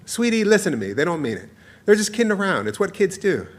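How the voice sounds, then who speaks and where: A man putting on a fretful, tender young mother, coaxing her crying son in a storybook joke. The voice rides noticeably higher than his own and stays soft and soothing. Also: big pitch swings, fast.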